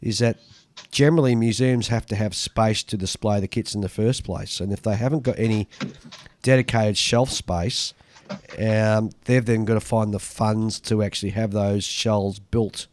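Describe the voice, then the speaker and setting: A man's voice: on the low side, steady tone, moderate pace, a little mellow, no echo. Australian male podcast co-host, chatty mail reader, dry close-miked sound. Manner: chatty, reads letters aloud with dry asides. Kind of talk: casual chat.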